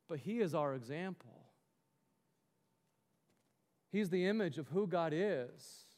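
A man's voice: a little high, a little mellow, in a large hall. A man preaching a sermon as pastor, earnest and exhorting, with many rhetorical questions to the congregation.

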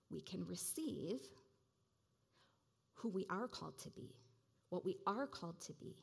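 A woman's voice: mid-range voice, creaky, darkish tone. Woman preaching a conversational sermon. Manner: conversational, reflective, many "like" and "you know" fillers.

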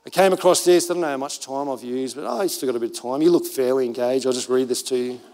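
A man with an Australian accent, preaching a sermon as pastor, telling stories in an animated way and acting out other voices. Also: medium pitch, fast. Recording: reverberant church hall.

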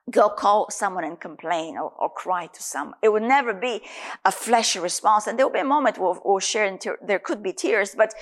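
A woman preaching a sermon in an earnest, emphatic way. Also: mid-range voice.

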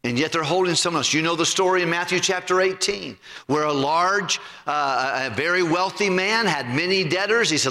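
A male pastor preaching a sermon in an animated, emphatic way. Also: moderate pace, few pauses. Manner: animated, emphatic, swooping pitch. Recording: long hall reverb.

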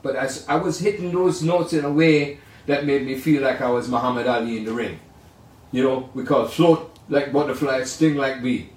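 An older man, a jazz pianist, telling rambling, animated stories in a casual way. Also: medium pitch, normal speed, a little hiss or hum. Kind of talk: casual storytelling. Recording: roomy sound from far off.

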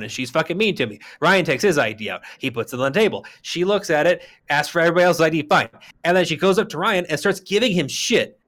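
A man from Arizona co-hosting a podcast, telling a story in casual chat with a profane, heated delivery that jumps to shouting. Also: on the high side. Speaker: podcast co-host.

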